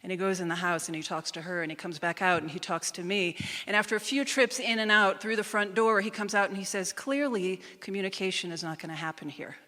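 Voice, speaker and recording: A woman telling a personal story on a live stage, in a measured and emphatic manner. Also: medium pitch, fairly even intonation, pushed and bright. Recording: reverberant live hall.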